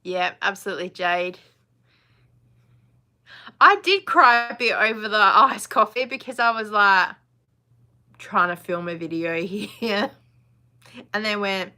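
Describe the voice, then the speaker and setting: A woman's voice: mid-range voice, slow pace, pauses often, bright, forceful tone. A woman, hosting a casual live chat, chatty and blunt, laughing often. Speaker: live stream host.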